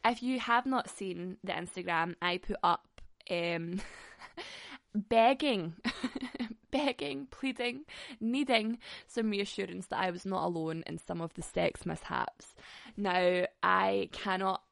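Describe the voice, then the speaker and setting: A woman's voice: mid-range voice, takes it slowly, creaky, a bit bright, dry recording, clean studio sound. A young woman hosting a podcast, telling a frank story bluntly with lots of swearing and laughing mid-sentence. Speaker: podcast host. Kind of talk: candid comic storytelling.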